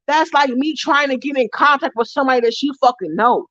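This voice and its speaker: A high-pitched woman rants furiously to her viewers, repeating herself and swearing heavily, her voice cracking as she fights back tears. The sound is dry and close, with a slightly dull, muffled quality. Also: fairly quick, fairly bright tone, no echo. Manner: heated, repetitive, swearing heavily, voice breaking near tears. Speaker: YouTuber ranting to viewers. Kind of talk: angry profane rant to camera.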